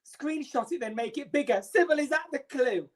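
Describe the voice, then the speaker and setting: A woman's voice: sits high, lively intonation, normal speed, background noise. A middle-aged woman hosting a makeup live stream, theatrical and self-mocking, greeting viewers by name.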